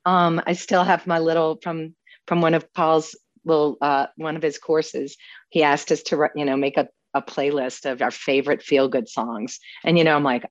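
Low-voiced heartfelt woman in her fifties. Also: little pitch movement, normal speed, no room sound, highs cut off. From New Orleans, USA. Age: 50s. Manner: heartfelt, tearful yet joyful, laughs often. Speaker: guest sharing recovery story. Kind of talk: emotional personal testimony.

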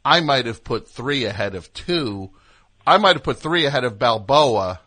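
A man's voice: medium pitch, animated, pushed and bright. A man hosting a call-in radio show, talkative and jokey, riffing with a caller. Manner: talkative, jokey, riffs and does quick voices. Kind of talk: casual call-in chat.

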